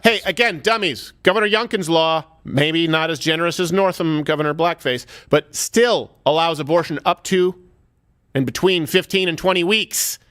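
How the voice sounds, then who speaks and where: A man hosting a comedic political talk show, sarcastic and animated, shouting at times for emphasis. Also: a little high, normal speed. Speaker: host.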